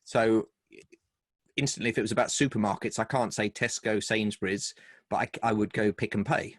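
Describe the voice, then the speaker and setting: A man's voice: lowish voice, dry recording. British man telling stories, dry sound. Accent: British English. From Britain. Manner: lively storyteller, quick asides. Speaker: guest, humor and speaking coach. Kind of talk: casual video-call interview.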